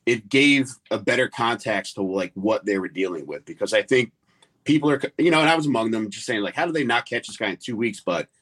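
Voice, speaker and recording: Husky-voiced man telling stories. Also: fairly low pitch, expressive, a little fast, fairly bright tone. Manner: rambling storytelling with frequent fillers. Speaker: comedian guest. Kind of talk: casual chat.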